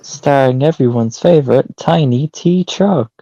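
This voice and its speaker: Relaxed man on a muffled mic. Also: medium pitch, measured pace, dry recording. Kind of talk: casual commentary stream.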